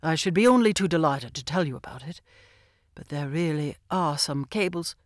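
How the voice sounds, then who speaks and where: A woman's voice: low voice, expressive, moderate pace, no room sound, clean studio sound, pitched below the performer's own voice. A woman reading an audiobook, voicing a nervous, evasive male secretary who stumbles over fillers. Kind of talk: audiobook character voice.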